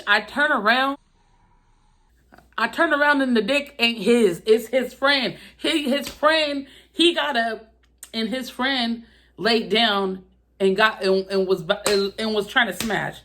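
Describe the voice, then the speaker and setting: A young woman telling a story to her viewers in casual, profane talk, voicing the people in it with loud quoted lines. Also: a little high, slow. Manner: animated and profane, acting out quoted lines loudly. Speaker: vlogger.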